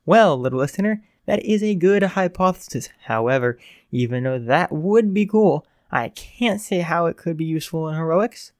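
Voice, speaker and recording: A man voicing a loud, teasing male radio host and teacher in a read-aloud fan story, talking in a brash, upbeat way. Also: fairly high pitch, lively intonation, normal speed, dry recording, clean studio sound.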